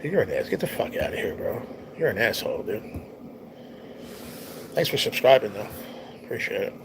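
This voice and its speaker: A man with a fairly low, creaky voice hosts a livestream, telling a personal story to his live chat in an expressive, brisk way. His storytelling is rambling and heartfelt, with frequent swearing, and background noise can be heard.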